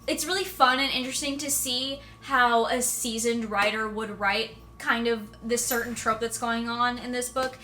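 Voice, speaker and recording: A woman's voice: a little high, steady tone, normal speed, hardly any pauses, sharp tone, slight background noise. A young woman chatting casually and emotionally in her reading vlog, with lots of fillers. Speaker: book vlogger.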